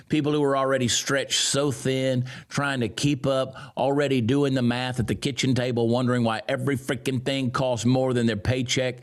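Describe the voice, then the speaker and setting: A man giving sarcastic, mocking political commentary, swinging from loud jeers down to low grumbles. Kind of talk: ranting commentary.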